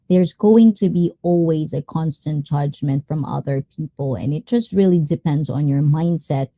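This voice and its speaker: A woman's voice: deep voice, dark tone, no room sound. A woman hosting a casual livestream chat, playful and teasing with her viewers and mixing Tagalog fillers into her English. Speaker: livestream host.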